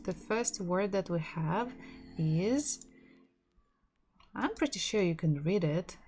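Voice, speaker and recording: A woman's voice: on the low side, expressive, slow pace, a little mellow, a little hiss or hum. A woman teaching a language lesson in English, explaining patiently with restarts and little laughs. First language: Russian.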